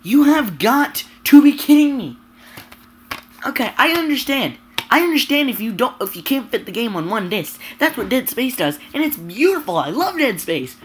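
A woman's voice: a little high, big pitch swings, brisk, a bit bright, a little hiss or hum. A young woman vlogger ranting to camera, sweary and exasperated, stumbling over her words. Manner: sweary, exasperated, stammering restarts. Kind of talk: angry rant to camera.

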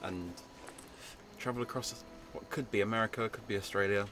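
A man's voice: fairly low pitch, fairly even intonation, quick pace, noisy background. A young man casually explaining a game to his friend, laid-back and patient, with plenty of filler words. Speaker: co-host guiding the player.

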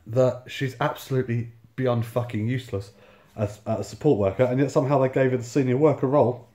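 A man's voice: mid-range voice, a little mellow, echoey room. A man in his thirties telling a personal story in a sardonic, sweary way, full of reported speech. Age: 30s. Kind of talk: casual storytelling monologue.

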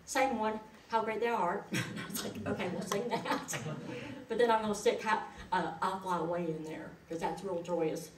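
A woman's voice: mid-range voice, moderate pace, hardly any pauses, crowd noise. A middle-aged woman, giving a eulogy in a chatty, folksy storytelling way. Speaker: eulogist, daughter of the deceased. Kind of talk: eulogy told as personal stories. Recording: echoey hall, voice from far off.

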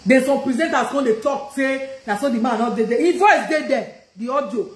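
The speaker is a woman with a Nigerian accent and a high voice, talking fairly quickly with noticeable reverb. It's a heated, confrontational live-stream rant in which she repeats her questions and switches languages mid-sentence.

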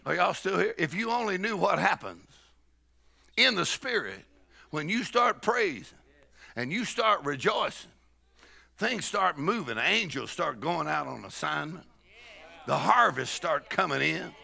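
A man preaches a charismatic sermon in a high, bright, gravelly voice that rises and falls widely. He talks folksy and slow, breaking into shouts and laughter. A congregation murmurs faintly behind him. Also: big pitch swings. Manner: shouting praise and bursting into laughter; folksy, with y'all and ain't. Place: church sanctuary with congregation.

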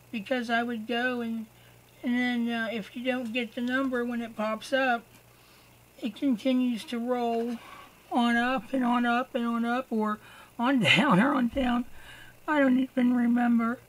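An exhausted woman giving a personal video update to her viewers, halting and trailing off mid-sentence. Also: fairly high pitch, low-quality recording. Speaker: vlogger.

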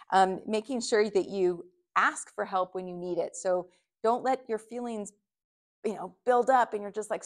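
A woman's voice: a little high, creaky, darkish tone. A middle-aged woman presenting a video workshop, advising the viewer directly.

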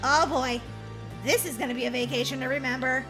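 A woman voicing Molly, an excitable young girl in a game role-play, chatty and giggly, talking to herself. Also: high-pitched, fairly quick, over loud music, natural voice. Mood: playful. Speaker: roleplay gamer.

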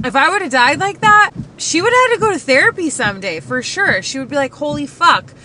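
A woman's voice: high-pitched, big pitch swings, fairly quick, pushed and bright, a little hiss or hum, rough recording. A young woman casually vlogging her day from her car, chatty, swearing freely and poking fun at herself. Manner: profane, chatty and self-mocking. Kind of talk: casual day-in-the-life vlog.

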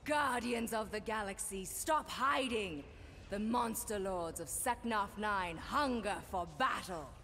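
A woman's voice: slow pace, a bit bright, slight background noise. A woman voicing a bloodthirsty alien monster queen who commands her forces in a video game. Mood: commanding. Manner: booming, commanding, relishes battle. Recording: long reverb with game music behind.

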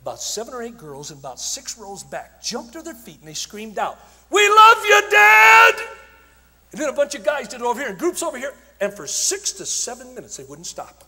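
A man preaching at a conference, telling stories with passion, shouting at times and dropping to a hush at others. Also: high-pitched, sing-song, brisk, hardly any pauses, slightly rough. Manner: impassioned storytelling, swinging from shouts to hushed tones. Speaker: evangelist speaker. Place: large conference hall. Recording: long hall reverb.

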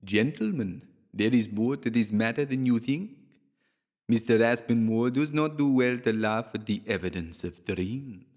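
A man's voice: mid-range voice, a little mellow. A man doing a labored, alien-sounding swami. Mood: measured. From India. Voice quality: oddly labored yet idiomatic voice. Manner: measured, knowing. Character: mysterious Indian swami, calm and knowing. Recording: long hall reverb.

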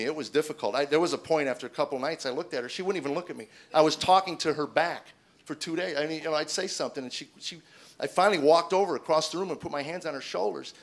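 A middle-aged man doing stand-up comedy as a personal testimony. He tells the story loudly at punchlines and drops to a soft, hushed voice for the serious parts. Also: a little high, quick pace. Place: stage in front of a laughing audience.

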